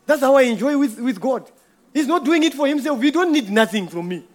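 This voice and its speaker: A man's voice: very high voice, animated, a little fast. A man giving an informal church testimony, telling a rambling story with frequent chuckles.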